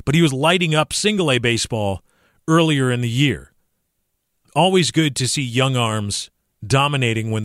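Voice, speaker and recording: A young adult man hosting a casual sports podcast, animated, sometimes slipping into mock commentator voices. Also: mid-range voice, dry recording, clean studio sound. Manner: animated, mimics commentators in a raised voice. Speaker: podcast host.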